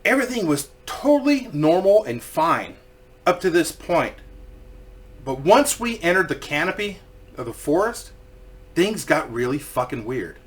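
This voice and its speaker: A man's voice: fairly high pitch, unhurried. A man casually telling a story, swearing freely and acting out what people said. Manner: profane, animated, acts out quoted voices.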